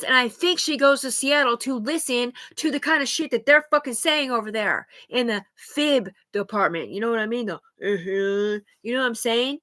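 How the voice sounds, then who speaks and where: A woman's voice: medium pitch, fairly quick, bright, forceful tone. A woman talking alone on a live stream in a rambling, profane, agitated way, jumping from thought to thought.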